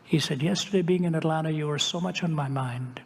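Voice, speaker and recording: An older man telling a story in a sermon, dropping at times to a hushed whisper. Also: fairly high pitch, a little fast, creaky, long reverb tail, a little hiss or hum. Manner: dramatic shifts to a hushed whisper. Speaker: preacher.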